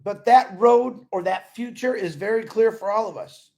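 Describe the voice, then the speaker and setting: A man's voice: sits high, moderate pace, a little mellow. A man giving a casual motivational talk to company members. He is earnest and rambling and repeats his points. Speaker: company supporter talking to members.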